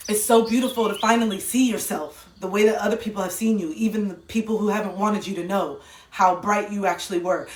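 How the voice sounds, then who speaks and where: A woman's voice: medium pitch, recorded from a distance, a little hiss or hum. A woman giving an impassioned livestream monologue into her phone, emphatic and swearing, repeating lines for effect. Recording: echoey room, voice set back from the phone.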